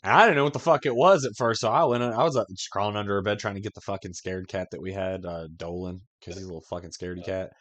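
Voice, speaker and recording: A man's voice: sits low, fast talker, hardly any pauses, fairly bright tone. A man co-hosting a podcast in casual chat, swearing often and telling rambling stories with frequent laughs. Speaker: podcast co-host.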